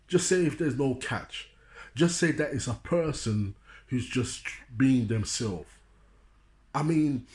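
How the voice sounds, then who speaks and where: A man's voice: mid-range voice, animated, moderate pace, a little mellow. A man from London with a London accent, giving a preachy motivational talk and repeating "you know what I'm saying". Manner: addresses listeners like a preacher. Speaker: street speaker.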